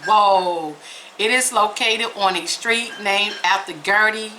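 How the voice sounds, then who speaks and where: A woman vlogger, reading aloud slowly and reacting with emphatic exclamations. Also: medium pitch, pushed and bright, slight background noise, poor audio. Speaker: vlog host reading aloud.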